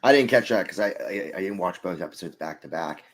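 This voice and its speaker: A man's voice: low-pitched, expressive, fairly quick. Rambling man chatting about a cartoon. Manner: rambling, many fillers and restarts, laughs loudly. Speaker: co-host reviewing an episode. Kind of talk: casual review chat.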